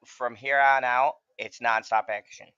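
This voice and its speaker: An excitable man hosts a casual movie watch-along, swearing freely and laughing as he talks. His voice is bright and forceful, and it sounds close and dry but a little dull, like a muffled recording. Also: medium pitch, a little slow, smooth, no room sound. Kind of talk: casual chat, reacting to a film.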